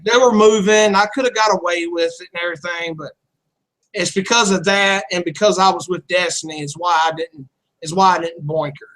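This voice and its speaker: A man's voice: high voice, steady tone, a little fast, a bit bright, rough recording. A man telling a candid personal story in casual chat, rambling and blunt, swearing freely. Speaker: channel host.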